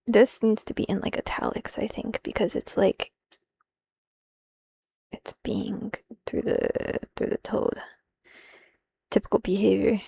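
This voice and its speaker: Gravelly-voiced woman streaming, muttering through her translation, keeps sidetracking herself, dry sound. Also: medium pitch, little pitch movement, measured pace, long pauses, mellow, no echo. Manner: rambling, self-interrupting, easily sidetracked; mixes in Japanese phrases. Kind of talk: live stream, thinking aloud while working.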